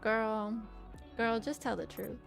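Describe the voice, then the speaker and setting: A woman's voice: fairly high pitch, slow, vocal fry, faint music behind. Sarcastic, foul-mouthed woman streamer. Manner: sarcastic, profane asides. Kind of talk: casual gameplay commentary.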